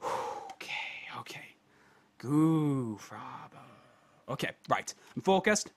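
Bright, high-voiced young man swearing at a game. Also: very animated, slow pace, long pauses, whispered. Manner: frustrated, swears constantly, talks to himself. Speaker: let's play host. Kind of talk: let's play commentary. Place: at home at his computer.

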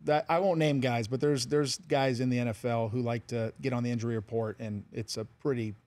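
A man's voice: mid-range voice, fairly even intonation, fairly quick, a little mellow, dry recording. A man in his thirties, a pro football player guesting on a studio interview, laid-back and playfully evasive, often repeating words. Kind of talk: casual interview chat.

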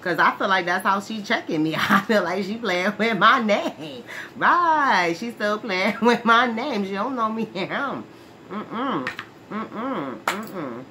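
In a comedy skit monologue, a woman plays a brash, streetwise former brawler who's touchy about her name, chatting in slang, laughing often, and repeatedly asking "right?". Her voice is medium-pitched, animated, slow, bright, and forceful, over a noisy background hiss.

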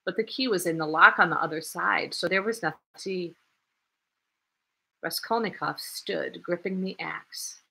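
A woman reading a classic novel aloud in a measured narrating voice. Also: on the low side, vocal fry, bright, forceful tone, breathy edge. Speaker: audiobook reader.

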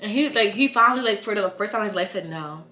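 A woman's voice: mid-range voice, animated, fast, sharp tone. A 22-year-old woman chatting slangily and animatedly in a casual diary vlog. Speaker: vlogger.

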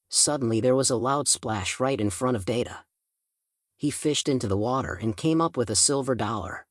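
A man narrating a first-person audiobook in a steady storytelling manner. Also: medium pitch, normal speed, dry recording, studio quality.

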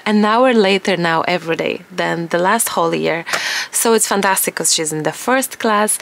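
Woman in her 30s, gravelly morning voice, chatty and enthusiastic, musing aloud, noisy home studio recording. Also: mid-range voice, a bit bright. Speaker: collage artist and journal vlogger. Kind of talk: casual chat while crafting.

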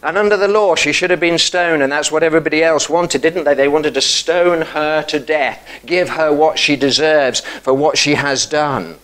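A man preaching a church sermon, earnest, lifting his voice for emphasis and dropping soft and low for tender passages. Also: steady tone, normal speed, hardly any pauses, rough recording. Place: church service.

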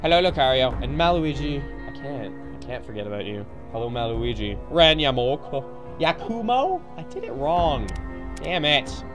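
A streamer giving casual live commentary while playing, goofy and rambling, greeting viewers and breaking into sudden excited shouts. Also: mid-range voice, normal speed, music in the background. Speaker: game streamer.

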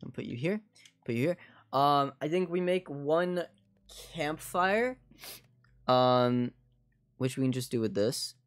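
A man with a slightly high voice and lively intonation speaks slowly, pausing often, with no room sound. He's streaming a game and chatting casually with his viewers, rambling a lot and filling his talk with "like" as he addresses chat.

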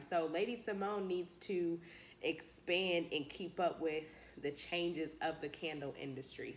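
Woman, chatty, encouraging, vlog to camera, lowish pitch, echoey room. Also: slight background noise. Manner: chatty, encouraging, addresses viewers as y'all. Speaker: candle business YouTuber. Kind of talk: casual vlog talk to camera.

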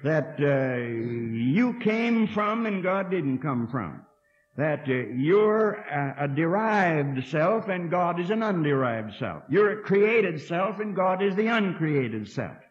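A man's voice: on the high side, big pitch swings, slow. A man in his sixties preaching a sermon in a college hall, folksy and earnest, with dry asides and words repeated as he thinks. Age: 60s. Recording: dull lo-fi archive tape from 1960.

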